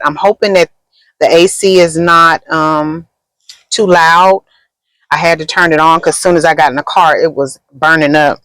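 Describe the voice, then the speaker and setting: A woman's voice: low-pitched, a bit bright, no room sound, low-quality recording. A woman content creator talking casually in a rambling, chatty vlog from inside a car, eating as she goes. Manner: rambling and chatty, many fillers; talks while eating.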